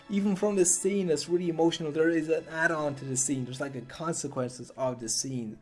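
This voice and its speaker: A man's voice: a little high, steady tone, fairly quick, few pauses, darkish tone, faint music behind. A man hosting a comedic film commentary series, chatting casually in a rambling, slangy way that often repeats itself.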